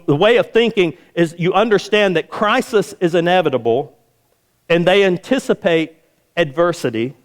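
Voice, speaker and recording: A man, preaching a sermon as pastor, telling stories in a folksy way and repeating phrases. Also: on the high side. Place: church sanctuary. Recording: long hall reverb.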